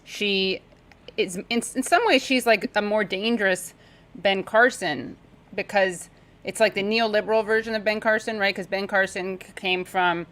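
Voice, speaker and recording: Bright-voiced sarcastic woman guest. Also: mid-range voice, low-quality recording. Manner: sarcastic, talkative, quick asides. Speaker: podcast guest. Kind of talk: casual political discussion.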